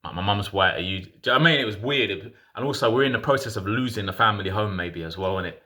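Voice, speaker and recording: A man's voice: fairly low pitch, fast talker, pushed and bright. A man in his thirties casually telling a personal story in frank, slangy talk full of restarts.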